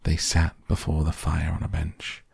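A man narrating a children's storybook in a slow, gentle reading. His voice is very deep, gravelly and husky, and it sits dry and close to the mic. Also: monotone, dry recording.

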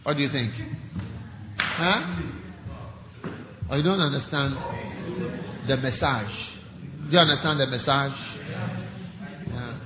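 Male preacher, forceful rhetorical sermon, long hall reverb. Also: mid-range voice, slow pace, long pauses, noisy background. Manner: emphatic, swings from quiet to loud, rhetorical questions. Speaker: bishop, preacher. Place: large church hall. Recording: echoey hall, muffled.

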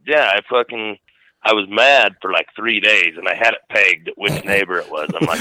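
Man, casual storytelling, profane and relaxed, bright forceful voice, dry close sound, lowish pitch. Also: normal speed, dry recording, rough recording. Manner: profane, laid-back storytelling. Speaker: guest caller.

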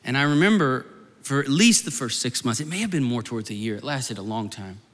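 A man's voice: mid-range voice, lively intonation, brisk. A man preaching a sermon to a gathered audience, telling a personal story in a rambling, fervent way with many restarts. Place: large hall before an audience. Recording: long hall reverb.

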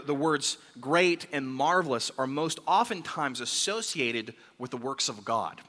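Bright-voiced preacher in a reverberant hall. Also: male voice, fairly high pitch. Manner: animated storytelling, acts out the king's words. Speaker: pastor. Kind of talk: sermon.

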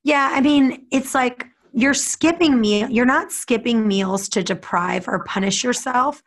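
A woman in casual conversation, speaking animatedly and acting out quoted people in a higher voice. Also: measured pace. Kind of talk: casual chat.

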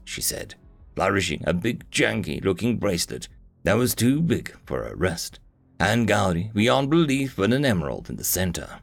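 A man narrating a fantasy novel as an audiobook, in an expressive storytelling reading. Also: on the low side, moderate pace, creaky.

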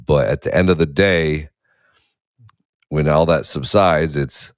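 A man's voice: rumbling low, a little slow, clear, resonant tone, dry recording, clean studio sound. A man in his thirties chatting casually as a podcast co-host, blunt and profane, laughing easily. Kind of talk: casual chat.

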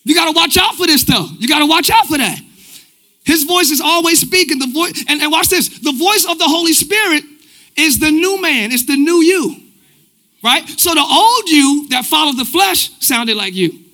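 A male pastor preaching live in a church, with a very high and bright, forceful voice. He keeps a loose, conversational delivery full of slang and stays lively throughout. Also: normal speed. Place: church sanctuary.

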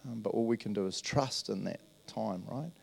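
A man's voice: on the low side, normal speed, creaky, darkish tone. A man, preaching a casual, earnest sermon and often checking in with his listeners. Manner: earnest, storytelling, checks in with "right?". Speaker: pastor. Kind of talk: conversational sermon.

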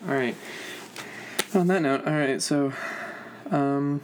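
A young adult podcast host chatting alone at home in a mid-pitched voice. The talk drifts and sags, full of fillers and tired sighs, with faint noise behind. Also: slow pace, pauses often. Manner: rambling and low-energy, full of fillers and sighs. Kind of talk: casual solo podcast chat. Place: at home with a cat.

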